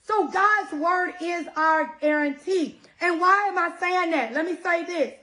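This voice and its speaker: A woman giving a casual, animated devotional sermon, talking straight to her listeners with many asides. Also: very high-pitched, a little slow. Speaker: preacher.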